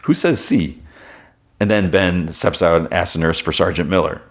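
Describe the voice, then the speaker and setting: A man's voice: sits low, steady tone, a little fast. A man hosting a podcast, casually retelling a show's episode in a rambling way, full of "like" and self-corrections. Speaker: podcast host.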